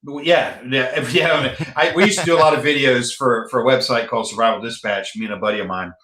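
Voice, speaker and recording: Blunt bright-voiced male podcast host. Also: mid-range voice, steady tone, fast, reverberant. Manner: blunt, profane storyteller. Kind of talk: casual podcast chat.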